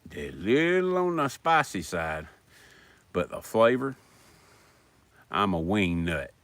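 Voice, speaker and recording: A man's voice: lowish voice, very animated, slow, a bit bright, no room sound. A middle-aged man from South Carolina with a Southern accent, rambling in a folksy way as he chats to viewers on a live stream outdoors by a fire at night. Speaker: livestream host. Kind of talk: casual live stream chat. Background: dogs.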